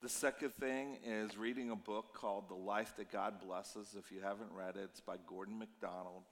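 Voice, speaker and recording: Tired pastor in an echoing hall. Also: male voice, fairly low pitch, moderate pace. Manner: conversational storytelling, animated and emotional in places. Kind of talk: sermon. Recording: long reverb of a church hall.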